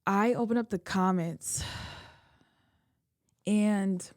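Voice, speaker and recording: A young woman, a video creator, talking through tears in a halting, emotional confessional vlog. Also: medium pitch, fairly even intonation, no room sound, studio quality. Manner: tearful, halting, many restarts. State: crying.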